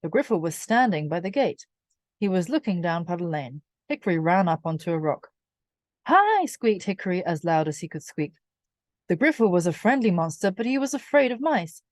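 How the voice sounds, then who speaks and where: A woman reading a children's storybook aloud, slow, clear and expressive for young listeners. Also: on the low side, no room sound. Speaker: reader.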